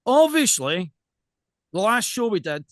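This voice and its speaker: A man with a West of Scotland accent, co-hosting a casual podcast chat in an animated, jokey way. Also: high-pitched, unhurried, dry recording, clean studio sound. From Scotland, South Lanarkshire. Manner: animated, jokey, throws in mimicked voices. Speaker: podcast co-host.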